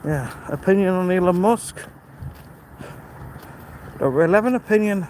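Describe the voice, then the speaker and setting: A man in his fifties with a notably high speaking voice talks casually while he walks, a little out of breath and picked up by a phone mic. Steady outdoor noise runs behind him, and he greets viewers by name as he answers their comments. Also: normal speed, low-quality recording. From United Kingdom. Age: 50s. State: out of breath from walking uphill. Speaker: livestream host. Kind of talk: casual live-stream chat while walking. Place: outdoors on a rural walk. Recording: outdoor ambience with audible wind and noise.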